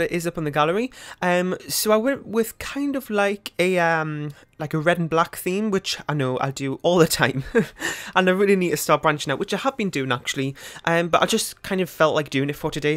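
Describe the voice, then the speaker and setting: Chatty young British man, slightly high voice. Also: a little fast, fairly bright tone. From United Kingdom. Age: young adult. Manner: chatty and rambling, many ums and likes. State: out of breath. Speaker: gaming YouTuber. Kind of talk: casual commentary over a speed build.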